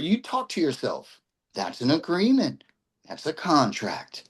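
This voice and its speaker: A man's voice: a little high, wildly swooping pitch, measured pace, breathy edge, rough recording. A man teaching an informal class, talking in a loose conversational way and often checking in with "right?" as he explains. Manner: restarts and repeats himself while explaining. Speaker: instructor.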